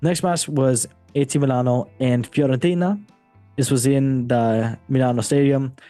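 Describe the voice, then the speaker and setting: A man's voice: mid-range voice, normal speed, no echo. Man, podcast host, casual football chat, dry sound, faint music. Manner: relaxed, joking, reads results in a steady run.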